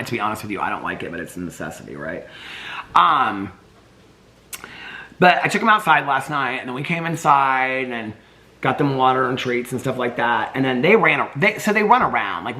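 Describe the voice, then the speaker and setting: A man's voice: medium pitch, pushed and bright. Doting man chatting to his dogs. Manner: doting baby talk to his dogs, rambling asides. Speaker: vlogger. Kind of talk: casual daily vlog. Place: home, indoors.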